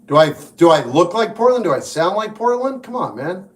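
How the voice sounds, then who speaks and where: A man's voice: sits high, very animated, brisk. A man from New Jersey hosting a livestream, reading viewer comments and giving blunt, wry advice. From New York / New Jersey. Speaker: livestream host and musician. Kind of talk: casual livestream chat answering viewers.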